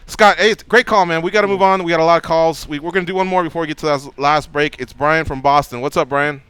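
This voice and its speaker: A man hosting a sports radio show, explaining fights in an animated, emphatic way. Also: on the high side, quick pace, clear, resonant tone, dry recording. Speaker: radio host.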